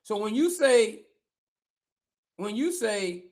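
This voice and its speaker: A man, a former football player, co-hosting a live sports show, talking in an animated, emphatic, slangy way, often repeating himself. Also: extremely high pitch, slow pace, long pauses.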